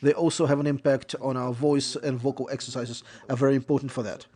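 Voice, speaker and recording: Male lecturer in voice-over, mid-range pitch, measured and explanatory, given to restating points. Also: fairly even intonation, mellow. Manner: measured explanatory delivery with restatements and self-corrections. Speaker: lecturer on interpreting.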